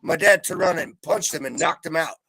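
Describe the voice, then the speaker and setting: A middle-aged man on a live video call, venting in a heavily profane rant that swings between calm and yelling. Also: a little high, fairly quick, breathy edge, no echo. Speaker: panel guest. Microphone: video call mic.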